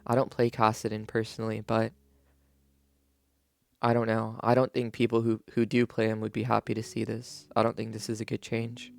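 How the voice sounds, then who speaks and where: A man's voice: lowish voice, monotone, moderate pace, gravelly, no echo, studio quality. A man giving casual, rambling commentary on game patch notes in his just-woke-up morning voice, filling his talk with "like". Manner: rambling, heavy use of "like", frequent restarts. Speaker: video creator reviewing game patch notes.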